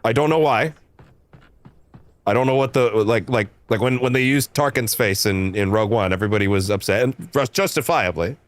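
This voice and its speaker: A man's voice: mid-range voice, normal speed, no echo. A man streaming a game, giving rambling, self-interrupting casual commentary and swearing freely. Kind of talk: casual let's-play commentary.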